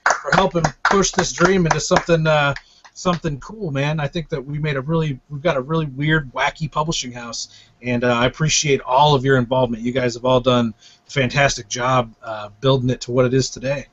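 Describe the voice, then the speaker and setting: A man's voice: medium pitch, fairly even intonation, brisk, a bit bright, a little hiss or hum. An American man hosting a live stream, rambling and profane, with many fillers. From United States. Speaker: host and publisher. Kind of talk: casual live-stream chat. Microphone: webcam. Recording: lo-fi webcam audio.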